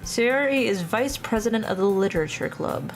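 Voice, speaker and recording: A young woman live-streaming a visual novel, reading its lines and chatting with her viewers. Her voice sits in an ordinary middle pitch and she laughs often. Faint game music plays behind her. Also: lively intonation, normal speed.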